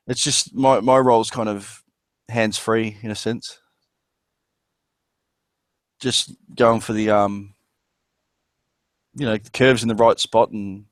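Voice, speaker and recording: A man's voice: lowish voice, no room sound. Rambling Australian man, dry close sound. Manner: rambling, crude jokes, playful. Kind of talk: casual chat.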